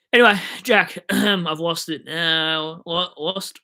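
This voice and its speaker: A man's voice: a little high, lively intonation, measured pace, few pauses, sharp tone. A young Australian man hosting a fantasy football live stream, rambling and joking as he answers chat comments, with hiccups.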